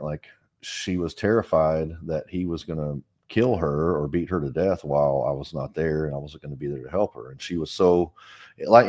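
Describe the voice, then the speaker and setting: Low-voiced man telling his story frankly. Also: darkish tone. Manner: frank, earnest, rambling with frequent "like" and restarts. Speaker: interview guest, foundation director. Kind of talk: personal storytelling in an interview.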